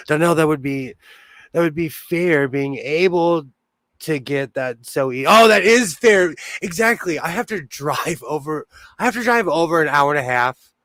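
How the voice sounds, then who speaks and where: A middle-aged man with a fairly high voice hosts a sewing livestream at an unhurried pace. He chats casually with viewers, laughs often and answers their comments. The sound is dry and close, with no room echo. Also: a bit bright. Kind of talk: casual live-stream chat.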